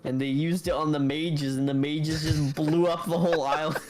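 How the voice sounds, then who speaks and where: A man's voice: on the high side, flat delivery, moderate pace, loud music behind the voice. A man co-hosting a podcast, chatting casually and animatedly about anime episodes, laughing often as he retells scenes. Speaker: podcast co-host.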